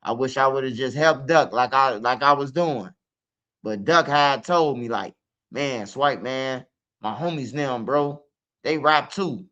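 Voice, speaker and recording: A man's voice: mid-range voice, measured pace, bright, forceful tone, lo-fi sound. A man with a Chicago accent telling his story in casual, profane street slang, full of "man" and "bro".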